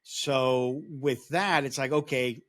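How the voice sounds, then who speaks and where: A man guesting on a podcast interview with a voice of ordinary middle pitch. He talks through his points at length, telling them like a story in a relaxed, conversational way. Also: slow pace. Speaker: podcast guest, security awareness advocate.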